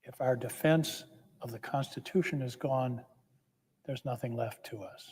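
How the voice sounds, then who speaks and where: A man's voice: mid-range voice, unhurried, darkish tone, breathy edge. A man giving a formal, impassioned floor speech as a senator, emphatic and building with repeated phrases. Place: legislative chamber. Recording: long reverb of a large chamber.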